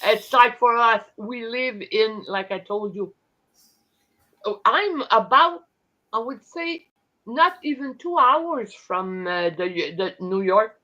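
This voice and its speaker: A bright-voiced woman with a French Canadian accent chats slowly on a live stream. She stops and restarts a lot, and the audio comes through dull and lo-fi. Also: on the high side, expressive. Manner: chatty, halting with restarts, talks with her hands. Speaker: host. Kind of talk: casual live-stream chat.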